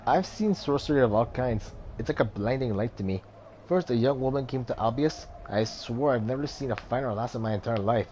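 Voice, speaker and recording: A man's voice: medium pitch, fairly quick, mellow, a little hiss or hum, lightly acted. A man voicing a mystic male warrior-turned-merchant in a put-on Indian accent, solemn and riddling, reading game dialogue over music. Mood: cryptic.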